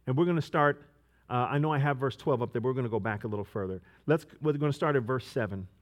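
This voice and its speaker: A man preaching a sermon, moving between quiet storytelling and loud, emphatic preaching with repeated rhetorical questions. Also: medium pitch, fast talker.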